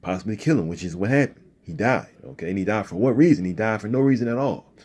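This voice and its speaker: A man speaks in an earnest, quick-moving commentary. His voice sits low and carries a husky edge. He keeps checking in with his listener, tagging his lines with "okay?" and "you know.". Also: animated, a little mellow. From Philadelphia area, USA. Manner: frequent "okay?" and "you know" tags, restarts. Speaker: video commentator.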